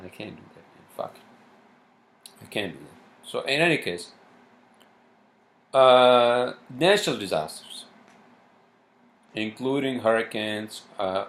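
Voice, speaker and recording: A man's voice: mid-range voice, expressive, slow, long pauses, a bit bright. A man hosting a solo podcast, talking in a meandering, profane way with many fillers. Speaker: podcast host. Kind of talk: rambling solo podcast monologue.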